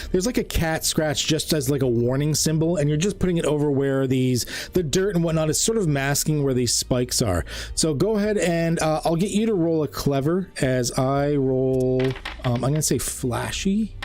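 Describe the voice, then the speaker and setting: A man's voice: fairly high pitch, moderate pace, a little mellow. Rambling man running a tabletop game. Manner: rambling, full of ums and self-corrections. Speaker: game master.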